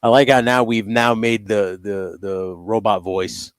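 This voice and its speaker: A man's voice: fairly low pitch, little pitch movement, measured pace, clear, resonant tone, no echo. A man hosting a live stream in casual chat, joking and laughing often. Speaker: host.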